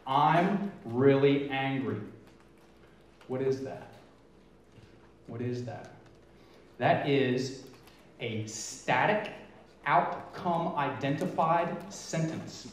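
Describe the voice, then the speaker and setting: A middle-aged man giving an energetic, emphatic presentation as a featured speaker, stretching out key words for effect. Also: mid-range voice, very slow, pauses often, slight background noise. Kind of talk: live motivational presentation. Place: large event hall. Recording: echoey hall from far off.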